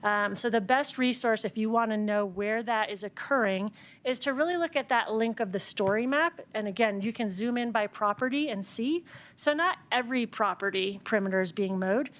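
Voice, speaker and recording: A woman from the city staff giving clear, methodical answers to council questions at a meeting. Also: on the high side, moderate pace. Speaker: city open space staff member. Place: council chamber.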